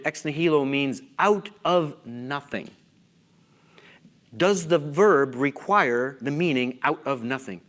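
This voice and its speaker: A middle-aged man lecturing at a conference, animated and full of rhetorical questions, sometimes losing his place. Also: medium pitch. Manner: self-interrupting, loses his place. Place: lecture hall.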